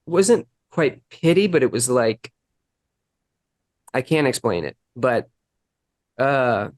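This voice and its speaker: A man candidly recounting his recovery story in an interview, earnest and halting, acting out the dialogue he quotes. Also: mid-range voice, big pitch swings, no room sound.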